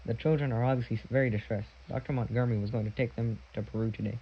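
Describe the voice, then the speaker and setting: A man's voice: medium pitch, steady tone, racing, muffled recording, lightly acted. A man reading a sly villainous man who hisses threats and puts on fake sorrowful politeness. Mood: smooth, fake.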